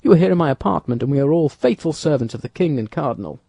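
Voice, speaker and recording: A man reading an audiobook, voicing a shrewd young musketeer who gives brisk commands. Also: on the high side, lively intonation, creaky, dark tone, no echo, pitched above the performer's own voice.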